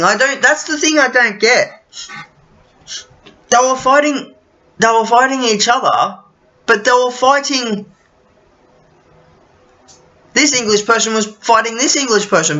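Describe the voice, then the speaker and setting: Slow, lively-voiced rambling man. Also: very high voice. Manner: rambling, loses his thread, swears casually. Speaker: vlogger. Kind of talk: rambling casual monologue. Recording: dull lo-fi recording.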